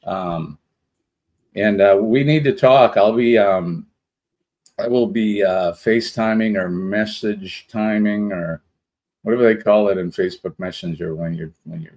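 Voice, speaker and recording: Brief: male livestream host, low voice, easygoing and chatty, greets the chat one name at a time. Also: unhurried, a little mellow, poor audio. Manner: rambling, greeting viewers one by one. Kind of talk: casual live-stream chat.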